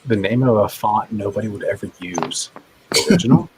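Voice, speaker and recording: A man's voice: lowish voice, brisk, darkish tone, slight background noise, low-quality recording. A man hosting a casual game night over a video call, joking and playful as he runs the rounds. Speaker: game show host.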